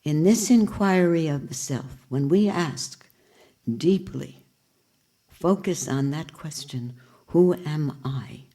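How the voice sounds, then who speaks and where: An older woman leads a spiritual talk to a group in a low, mellow voice. She is reflective and questioning, with touches of gentle humor. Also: expressive, slow pace. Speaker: spiritual teacher.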